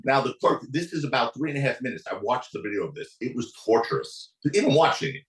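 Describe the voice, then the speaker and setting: Talking fast, a man appearing as a guest attorney on a podcast animatedly narrates a courtroom tale and performs the quotes with large shifts in pitch. The studio sound is reverberant and the recording is low quality.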